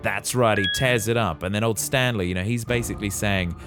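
Laid back guy with a really deep voice walking through a movie plot, asks his cohost questions. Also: brisk, over music. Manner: relaxed storyteller, quizzes co-host. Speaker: podcast host. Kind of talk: casual movie recap.

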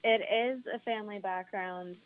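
A woman musician being interviewed on the radio, speaking earnestly and pausing with ums. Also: mid-range voice, dry recording, phone-quality sound. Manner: earnest, measured, with frequent ums. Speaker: guest musician.

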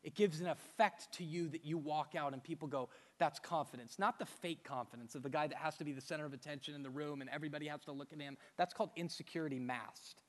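A man with a high voice preaches an emphatic sermon, firing off rhetorical questions and hammering home repeated phrases. His voice rings with the long reverb of a large church hall. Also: fast talker, few pauses. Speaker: pastor.

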